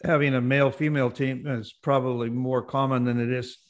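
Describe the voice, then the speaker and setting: Male host, casual interview, halting delivery with fillers. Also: mid-range voice, level tone. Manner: halting, many fillers and restarts.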